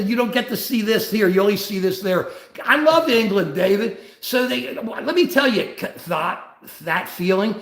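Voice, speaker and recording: A man's voice: high-pitched, roomy sound. An older man hosting a political livestream, blunt and ranting, greeting viewers between points. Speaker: livestream host.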